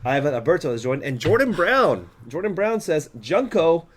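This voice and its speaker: A man's voice: on the high side, normal speed. A man hosting a casual live stream who talks with eager enthusiasm and sometimes speaks through a mouthful of food. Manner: animated, enthusiastic, talks while chewing. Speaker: host.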